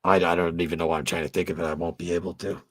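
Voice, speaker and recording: A man's voice: deep voice, level tone, rapid-fire, dry recording. A man hosting a fan channel in a casual late-night live stream chat, rambling along and swearing freely. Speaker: host of a fan tribute channel.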